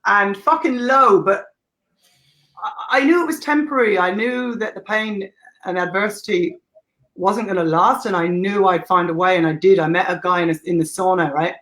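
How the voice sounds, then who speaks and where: A woman's voice: medium pitch, moderate pace, fairly bright tone, rough recording. An Irish woman in her thirties, a guest telling stories in a candid, casual way, swearing freely and laughing often. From Ireland. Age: 30s. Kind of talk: casual interview storytelling.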